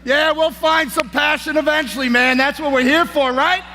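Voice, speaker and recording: A man giving a hyped-up motivational speech as a conference speaker on stage, shouting and peppering his lines with "man" and "baby". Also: extremely high pitch, steady tone, normal speed. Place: large conference hall on stage. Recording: echoey hall, faint noise.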